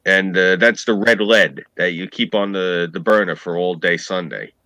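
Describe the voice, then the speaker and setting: A man with a New York accent, telling profane, animated stories in a casual chat. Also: sits low, normal speed, no room sound, low-quality recording. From Queens, New York.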